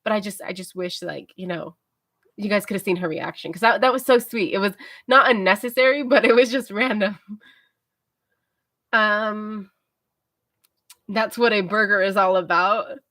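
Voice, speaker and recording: A tired young woman rambles through a story on her livestream, mellow and chatty, with lots of fillers. Her voice sits at an ordinary middle pitch and sounds dry and close, with little room sound. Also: normal speed, pauses often, no echo. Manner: rambling, filler-heavy, self-talking. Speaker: livestream host. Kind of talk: casual storytelling chat.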